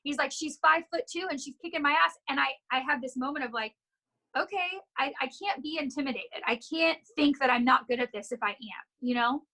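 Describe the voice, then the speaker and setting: High bright-voiced gym owner, candid. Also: female voice, brisk, rough recording. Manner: candid, storytelling, encouraging. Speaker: gym owner and fitness instructor, guest. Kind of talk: casual interview chat.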